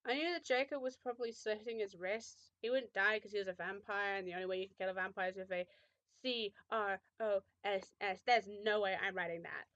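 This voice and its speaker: A woman's voice: medium pitch, fairly even intonation, brisk, fairly bright tone, no room sound, dull audio. A young woman reading a fan fiction aloud with mock drama, often breaking off to make sarcastic remarks.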